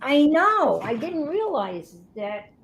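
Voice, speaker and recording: A woman's voice: high-pitched, big pitch swings, slow pace, a bit bright, slight background noise. A woman hosting a craft livestream, chatting casually and muttering to herself as she works. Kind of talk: casual chat while crafting.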